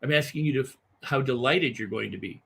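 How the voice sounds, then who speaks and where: Husky, emphatic man in conversation. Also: medium pitch, brisk. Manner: emphatic and animated, with repeated phrases. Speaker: interview guest. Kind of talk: conversational podcast interview.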